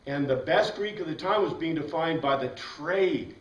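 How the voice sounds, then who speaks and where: Animated male Bible teacher, echoey room. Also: a little high, normal speed, distant mic. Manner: animated, asks the class questions, frequent "right?". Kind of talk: classroom lecture.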